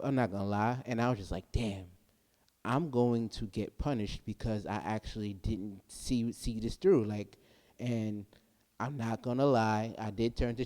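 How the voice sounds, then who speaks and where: A man's voice: on the low side, darkish tone, big-room sound. A young man hosting a podcast, talking earnestly through a personal struggle and often repeating himself. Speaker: podcast host. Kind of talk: candid personal monologue.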